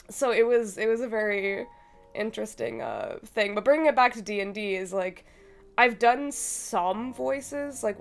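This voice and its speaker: A young woman streamer rambles through a casual chat, hesitant and full of fillers and little laughs. Her voice has a gravelly fry and sounds a bit feverish, with soft music playing faintly underneath. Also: medium pitch. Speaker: streamer interviewing her brother.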